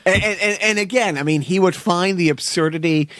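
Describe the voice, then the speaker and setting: Middle-aged male co-host, animated casual chat, highish voice, dry close sound. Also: fairly quick, no echo. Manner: animated, laughing often. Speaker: podcast co-host.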